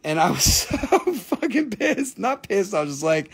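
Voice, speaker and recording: A man's voice: high voice, expressive, normal speed, few pauses. A man hosting a live crystal sales stream, chatting casually, swearing freely and laughing at his own jokes as he tells stories. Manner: giggly, profane, jokey storyteller.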